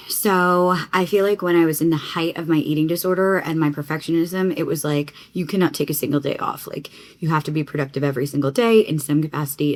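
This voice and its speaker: Young female vlogger, lower register, casual rambling chat to a handheld camera. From Connecticut, USA. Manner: chatty, rambling, peppered with "like".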